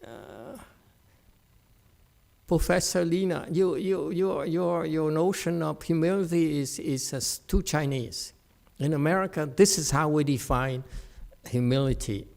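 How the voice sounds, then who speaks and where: A man's voice: fairly high pitch, unhurried, gravelly, darkish tone. A man teaching a meditation class in a humorous dharma talk, teasing his listeners and asking them to agree. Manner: teasing, joking, asks the audience for agreement.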